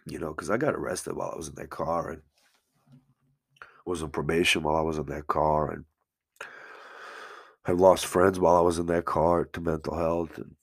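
A man's voice: a bass voice, level tone, moderate pace, creaky, long pauses, husky, dry recording, clean studio sound. A man hosting a solo podcast, talking casually and earnestly, sometimes choked up and swearing freely. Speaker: podcast host. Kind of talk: emotional casual monologue.

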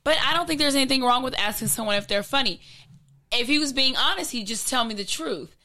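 A woman in casual chat, teasing and firing back quick retorts. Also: high voice, lively intonation, pushed and bright.

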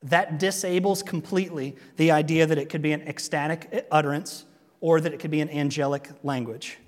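A man preaching a sermon as pastor, animated, joking and acting out quotes. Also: on the high side, brisk, in a large hall. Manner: animated, jokes and acts out quotes.

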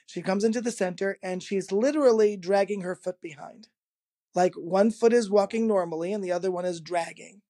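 Husky, high-voiced man telling a story. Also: a little fast. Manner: animated, laughs often, acts out quoted dialogue. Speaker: interview guest, energy healer. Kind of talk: casual anecdote-telling in an interview.

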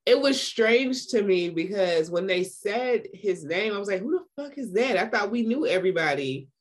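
A podcast co-host in casual chat with a stuffy nose, expressive and profane, laughing often and acting out quotes. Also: mid-range voice, normal speed. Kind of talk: casual chat recapping a TV series.

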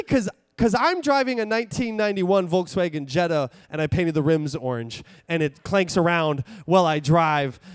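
A young man in his twenties preaching, telling a story with lively, rambling energy and many restarts. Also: high voice, unhurried, no echo, studio quality. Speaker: pastor. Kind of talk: sermon. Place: church.

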